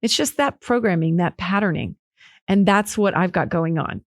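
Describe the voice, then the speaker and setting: A woman's voice: lowish voice, expressive, normal speed, no echo, clean studio sound. A woman hosting a podcast, telling a personal story in a candid, emotional, rambling way with many restarts. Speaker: podcast host.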